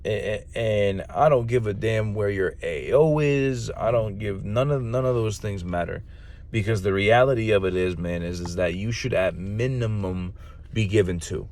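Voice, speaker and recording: Deep-voiced blunt man, casual profane talk. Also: moderate pace, darkish tone, a little hiss or hum. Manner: blunt, profane, street slang. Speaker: podcast host, Marine recruiter. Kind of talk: casual chat.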